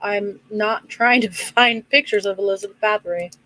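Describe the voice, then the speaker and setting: A woman co-hosting a casual live-streamed podcast, briskly giving schedules and plugs. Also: mid-range voice, pushed and bright, poor audio. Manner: brisk, gives announcements and plugs. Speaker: podcast co-host.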